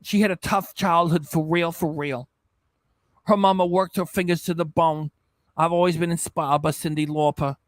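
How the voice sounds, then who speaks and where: A man's voice: a little high, fairly even intonation, moderate pace. A man hosting a reaction channel, chatting casually and jokingly on a livestream, rambling and slipping into silly voices.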